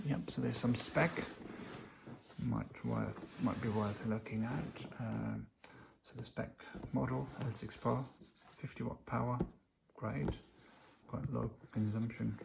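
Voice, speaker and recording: Reading specs aloud from the box, a man unboxes a gadget on his vlog, rambling casually and leaning heavily on fillers. He speaks slowly in a steady, medium-pitched voice with vocal fry, recorded at home with plenty of noise.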